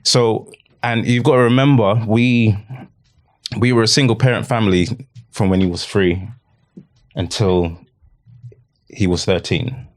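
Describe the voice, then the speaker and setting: A middle-aged man telling a personal story in an earnest, halting way, often repeating himself. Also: fairly low pitch, fairly even intonation. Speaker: podcast guest.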